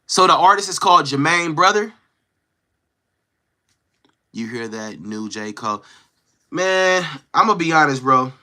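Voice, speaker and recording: A man hosting a casual livestream, talking to his chat in a slangy, animated way and acting out quoted lines. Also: a little high, measured pace, pauses often. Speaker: livestream host. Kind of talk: casual livestream chat, reading viewer comments.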